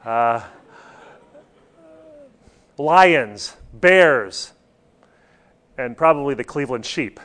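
A man's voice: mid-range voice, lively intonation, drawn-out words, pauses often, a bit bright. A man preaching a sermon, stressing points and putting questions to his listeners. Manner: rhetorical questions to the congregation, emphatic.

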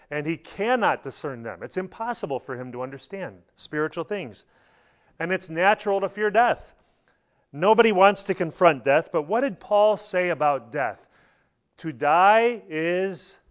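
A middle-aged man delivers a sermon to his church. His voice sits a little on the high side, and he tells his stories in an animated way, now and then breaking into loud, high bursts as he acts out a quote. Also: moderate pace. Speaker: pastor.

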